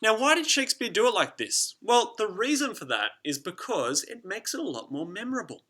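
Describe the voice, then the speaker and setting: Bright-voiced teacher explaining. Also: male voice, high-pitched, very animated, brisk. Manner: chatty, rhythmic, teasing. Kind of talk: classroom lesson video.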